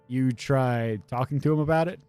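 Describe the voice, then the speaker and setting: A man voicing a blunt raccoon private detective, questioning a client in a low, flat voice. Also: moderate pace, soft background music, natural voice. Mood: terse. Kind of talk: game dialogue read aloud.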